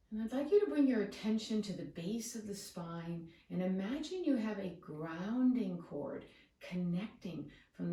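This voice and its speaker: A woman yoga teacher leading a guided breathing meditation with slow, soothing cues. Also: fairly low pitch, mellow, distant mic. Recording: echoey room, away from the mic.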